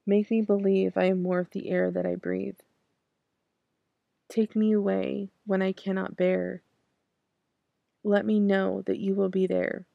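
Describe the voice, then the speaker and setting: A woman in her thirties hosting a podcast, reading her own poems slowly and then commenting with hesitant asides. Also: medium pitch, level tone, vocal fry, no echo, muffled recording. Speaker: podcast host. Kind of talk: poetry recitation and personal commentary.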